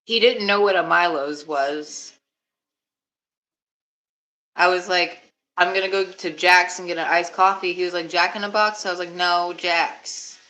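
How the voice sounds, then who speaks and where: A woman's voice: on the low side, steady tone, measured pace, pushed and bright, poor audio. A young woman from Alabama chatting casually on a live stream, laughing often and swearing freely.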